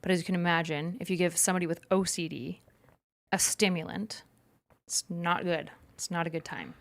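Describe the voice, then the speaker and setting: A woman's voice: fairly low pitch, steady tone, fairly quick. A young woman co-hosting a casual livestream chat, explaining clinical terms in a chatty way with plenty of fillers. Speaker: co-host.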